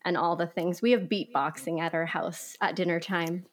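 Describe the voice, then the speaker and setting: A woman's voice: on the low side, steady tone, normal speed. A woman hosting a podcast, chatting casually, affirming her guest and often repeating words. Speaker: podcast host. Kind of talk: casual interview chat.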